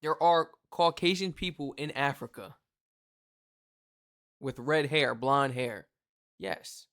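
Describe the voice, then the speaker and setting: An American reaction video host giving casual commentary, animated and exclaiming, with slangy asides. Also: medium pitch, slow. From United States.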